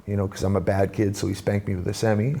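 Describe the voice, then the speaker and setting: Gravelly, dark-voiced man telling his story. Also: lowish voice, fast. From Canada. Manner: animated storyteller, acts out quoted voices. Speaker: guest, musician and speaker. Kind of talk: conversational storytelling.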